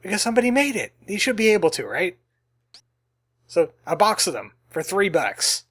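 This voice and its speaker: Chatty high-voiced man playing a game. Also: big pitch swings, normal speed, a bit bright. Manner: chatty, jokey, puts on a cowboy voice. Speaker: let's play host. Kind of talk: casual gameplay commentary. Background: faint game music.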